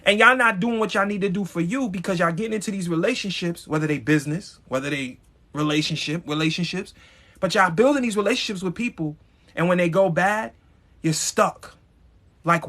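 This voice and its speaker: Male live-stream host with a high voice, emphatic motivational preacher, swears freely. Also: brisk, bright, forceful tone. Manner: emphatic, preachy, blunt with profanity; addresses viewers directly.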